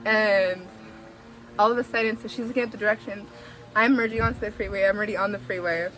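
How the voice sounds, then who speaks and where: A woman's voice: medium pitch, fast, soft background music. A young woman from the Bay Area telling a story in a casual, chatty way, full of fillers and swearing. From San Francisco Bay Area. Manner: chatty and animated, heavy "like" fillers, swears, laughs while telling.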